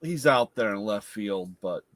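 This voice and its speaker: A man's voice: lowish voice, lively intonation, unhurried, fairly bright tone, dry recording. Rambling man with a dry close sound. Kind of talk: casual chat.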